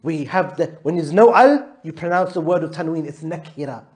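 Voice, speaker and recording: A man with a high voice leads an Arabic grammar lesson in a classroom. He quizzes his students patiently with repeated questions and mixes English with Arabic terms. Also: fairly quick, darkish tone. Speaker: Arabic teacher.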